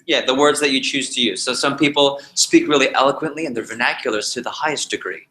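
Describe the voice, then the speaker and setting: A man teaching a live sales training session, animated and jokey, repeating his key points to the group. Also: mid-range voice, fast, reverberant, low-quality recording. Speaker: sales trainer leading a workshop.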